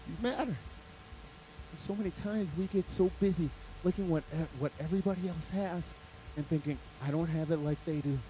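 A man's voice: high voice, a little mellow, slight background noise, low-quality recording. A man delivering a sermon as a guest speaker, telling a story animatedly and acting out characters.

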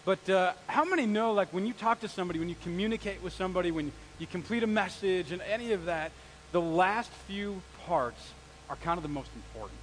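A man with a high voice preaches in a church in a loose, conversational style. He tells stories with asides and talks straight to the people in front of him. He sounds like a pastor in his forties. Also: brisk, slight background noise, poor audio. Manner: conversational, animated storytelling with asides. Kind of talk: sermon. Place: church sanctuary.

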